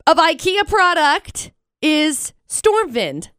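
A young woman co-hosting a radio show in casual banter, upbeat and playful as she runs a quiz and spells words out slowly. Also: high voice, big pitch swings, a bit bright, dry recording, studio quality. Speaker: radio co-host.

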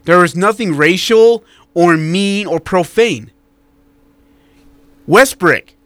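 Co-hosting a sports talk radio show, a man chats bluntly and with plenty of energy while reading listener texts aloud. His voice is high-pitched and his pace measured, with no echo in the recording.

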